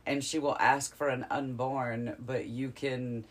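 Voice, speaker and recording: A man in casual podcast chat, calmly explaining what he has read. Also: medium pitch, unhurried. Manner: informative, explaining lore.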